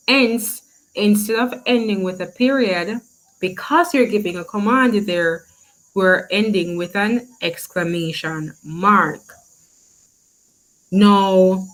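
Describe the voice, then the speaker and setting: A woman teaches a class at an unhurried pace, pausing to ask questions and cheer answers on. Her tone stays encouraging throughout. Faint insect chirps sound behind her voice. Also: mid-range voice, low-quality recording. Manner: slow, encouraging, asks questions and praises. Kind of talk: classroom lesson.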